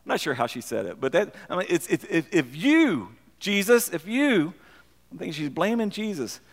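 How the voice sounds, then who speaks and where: A man with a high voice preaches a conversational sermon, animated and prone to restating his words for weight. His voice rings with a long hall reverb. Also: normal speed. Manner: animated, repeats phrases when emphasizing. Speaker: pastor.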